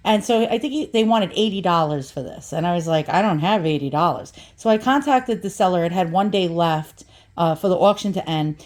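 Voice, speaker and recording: A woman's voice: fairly low pitch, animated, a little fast, a little mellow. Chatty woman rambling through an unboxing. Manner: chatty, self-deprecating, rambling with restarts. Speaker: antique vlogger. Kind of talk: casual unboxing chat.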